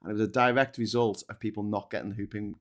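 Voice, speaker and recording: A man's voice: on the low side, steady tone, fast talker. A British man co-hosting a casual live stream, reading viewer comments and ranting bluntly with frequent swearing and restarts.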